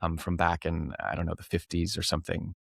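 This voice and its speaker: A deep-voiced man with plenty of gravelly fry tells a story in a casual interview. He rambles, laughs often and restarts his sentences. The sound is close and dry. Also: level tone, a little fast, no room sound. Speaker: professional clown and teacher, guest.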